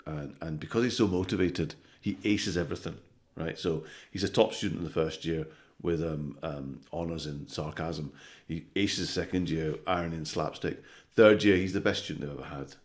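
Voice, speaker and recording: A man with a very low voice tells jokes in a relaxed podcast conversation. He talks in an animated, sweary way and keeps tagging his lines with "right?". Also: brisk, hardly any pauses. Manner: animated storytelling, sweary, with frequent "right?" tags. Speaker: comedian guest. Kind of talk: casual podcast chat, telling jokes.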